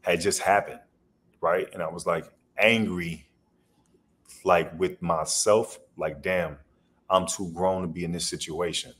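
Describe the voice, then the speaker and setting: A man's voice: sits low, steady tone, measured pace, fairly bright tone. A man guest on a podcast, telling rambling stories in a loose, slangy way. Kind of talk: casual storytelling interview.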